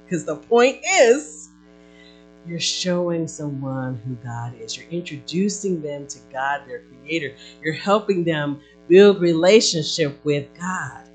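A woman pastor preaching a sermon to a small congregation, conversational and animated, full of rhetorical questions. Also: fairly low pitch, poor audio.

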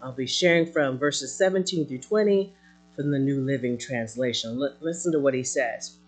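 A woman preaching a sermon in an expressive way, swinging between loud emphasis and soft asides, with fillers now and then. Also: very deep voice, normal speed, faint music behind.

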